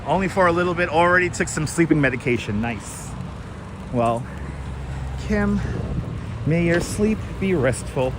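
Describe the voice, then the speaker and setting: A man's voice: on the high side, expressive, measured pace, long pauses, background noise. A man hosting a casual live walking-tour stream outdoors, chatting and greeting viewers by name on a clip-on mic. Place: outdoors on a city street. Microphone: wireless clip-on mic.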